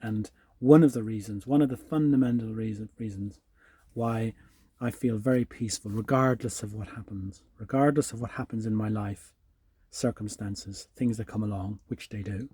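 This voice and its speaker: A man hosting his own channel, talking calmly and reflectively to the camera, often restarting his sentences. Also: on the low side, moderate pace, husky. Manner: calm, musing, with frequent restarts. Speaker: channel host. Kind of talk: reflective solo talk to camera.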